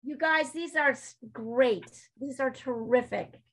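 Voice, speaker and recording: A woman teaching a painting class over a video call, with a voice pitched a little above most women's. She coaches her students with steady encouragement and often repeats a point to make it stick. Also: slow. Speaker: art teacher. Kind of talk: online class instruction.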